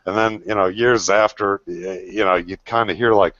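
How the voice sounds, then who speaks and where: A man's voice: fairly low pitch, normal speed, few pauses, no echo. Blunt, profane older man. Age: 60s. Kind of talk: casual chat. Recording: dry, dull lo-fi audio.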